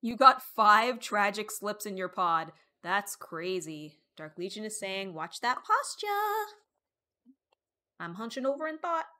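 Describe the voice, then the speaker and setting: A woman's voice: medium pitch, expressive, measured pace, few pauses, sharp tone. A woman streamer chatting casually with viewers, thinking aloud and reading out chat between fillers. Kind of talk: casual live-stream chat while deckbuilding.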